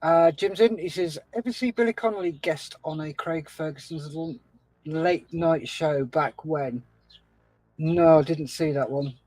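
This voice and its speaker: Casual stream host: a man with a higher-pitched voice, dry and close, easygoing and chatty. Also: unhurried, a little mellow, no echo, rough recording. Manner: chatty, reads out viewer comments, laughs easily. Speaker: livestream host reading chat. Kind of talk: casual chat.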